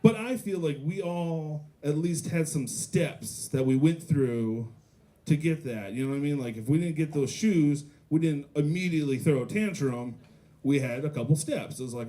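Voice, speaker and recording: A young man doing a stand-up comedy set at a restaurant, telling stories deadpan and acting out voices of kids and parents. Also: on the high side, moderate pace. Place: pizza restaurant comedy night with audience.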